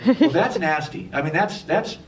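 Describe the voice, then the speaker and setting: A filmmaker fields questions in a cinema, jokey and energetic as he tells behind-the-scenes stories. His voice sits a little high and sounds distant from the microphone. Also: moderate pace, slight background noise. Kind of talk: Q&A talk on stage. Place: cinema theatre. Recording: far from the mic.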